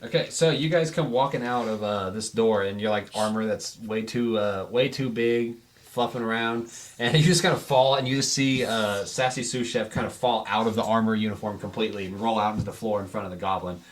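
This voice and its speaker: Game master, male, lowish voice, chuckles through narration, faint hiss on the recording. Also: steady tone. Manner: laughs often while narrating, quick voices for guards.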